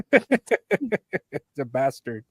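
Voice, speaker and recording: A man co-hosting a podcast, casually recapping a film with frequent laughs and halting restarts. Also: a little high, big pitch swings, breathy edge, no echo, studio quality. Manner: laid-back, laughs often, halting restarts. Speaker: podcast co-host.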